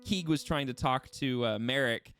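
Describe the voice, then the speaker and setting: A man's voice: medium pitch, normal speed, a bit bright, smooth. A young man running a tabletop game, talking animatedly and laughing at himself as he rambles with restarts. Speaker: game master. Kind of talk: casual table talk between sessions. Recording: music bed playing behind voice.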